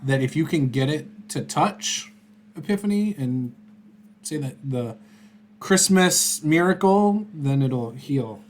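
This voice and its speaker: A man's voice: a little high, lively intonation, takes it slowly, a little hiss or hum. A man acting as game master in a tabletop role-playing game, talking casually with a chuckle and lots of filler words.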